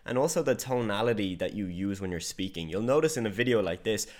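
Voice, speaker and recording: A man talking as a business coach in an online course lecture, direct and conversational, with deliberately varied emphasis. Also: lowish voice, expressive, a little mellow.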